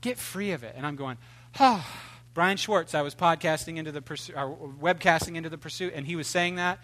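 A pastor preaches fast in a high, bright voice, animated and humorous, swinging between loud outbursts and quiet, hushed asides.

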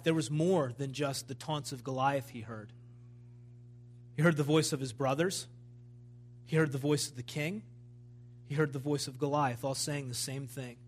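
A man's voice: medium pitch, fairly even intonation, moderate pace, pauses often. A man preaching a sermon at a church service, in a fervent, emphatic style that builds in intensity.

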